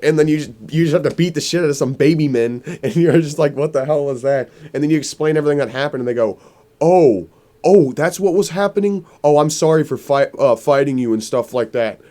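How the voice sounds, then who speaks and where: A man's voice: a little high, fairly even intonation, fast, few pauses, mellow. A young adult man hosting a podcast, chatting casually and rambling through a story with lots of filler words. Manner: rambling storyteller, heavy on filler "like", laughs often. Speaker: podcast host. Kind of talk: casual chat.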